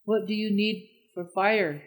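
A wise old-world male eagle in a storybook, calm and kind, offering comfort in measured words, as the narrator voices him. His voice lifts a little above the telling, lively but unhurried. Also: medium pitch, pitched above the performer's own voice, lightly acted, poor audio. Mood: gentle. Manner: calm, gentle and reassuring.

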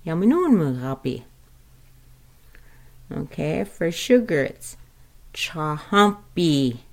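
A woman with a lowish voice leads a spoken language lesson. She talks very slowly and patiently and repeats each word so listeners can echo it. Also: darkish tone. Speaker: language teacher.

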